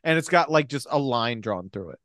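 A man's voice: mid-range voice, expressive, fairly quick, fairly bright tone, dry recording, studio quality. A young man in casual chat, animatedly retelling a film's plot, acting out the characters' lines, swearing and laughing. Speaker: podcast co-host recapping a film.

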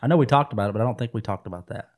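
A man's voice: fairly low pitch, racing. A man in a casual hunting chat who mostly agrees and chimes in with short remarks.

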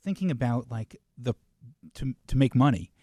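A man's voice: medium pitch, expressive, moderate pace, a little mellow, dry recording, clean studio sound. A man hosting an interview, asking probing questions in a conversational way. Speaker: interviewer, host.

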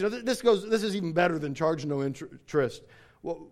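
A man's voice: fairly high pitch, a little fast, a little mellow. A man preaching a sermon, explaining scripture and reading passages aloud with emphasis. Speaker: pastor.

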